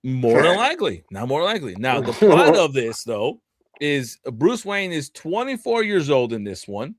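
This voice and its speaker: Man, fairly high voice, animated profane rant, dry close sound. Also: moderate pace, no room sound. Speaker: podcast co-host. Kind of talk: casual ranting chat.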